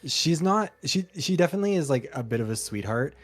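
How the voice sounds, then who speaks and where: Fast-talking dry male co-host. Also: a little high, animated. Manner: fast, dry, opinionated commentary. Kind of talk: casual chat.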